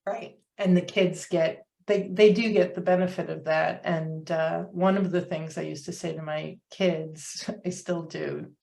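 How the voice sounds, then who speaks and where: A woman's voice: sits low, vocal fry, a little mellow. A woman in her fifties, a coach, telling her story as an interview guest in an earnest, reflective way, with many fillers.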